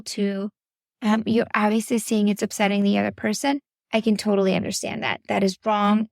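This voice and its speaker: Earnest woman coach, close dry gravelly voice. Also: mid-range voice, no echo. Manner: earnest, instructive, addresses listener directly. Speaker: podcast host and parenting coach. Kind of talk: faith-based coaching talk.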